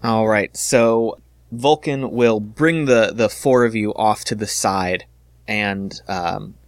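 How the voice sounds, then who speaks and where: A man's voice: fairly low pitch, slow pace, dry recording. A man narrating a tabletop game as dungeon master, with frequent fillers. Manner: steady narration with many fillers.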